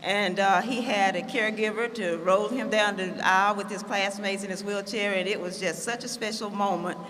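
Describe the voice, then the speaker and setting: A woman's voice: medium pitch, steady tone, moderate pace, fairly bright tone, slight background noise. A woman giving a chatty, self-deprecating keynote speech at a conference, with lots of fillers. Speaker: keynote speaker. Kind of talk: public speech. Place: conference hall. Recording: hall reverb, faint ambience.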